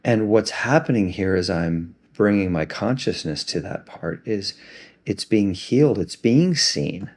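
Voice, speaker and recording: A man gently and reflectively talking through an emotional self-help practice. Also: lowish voice, animated, a little slow.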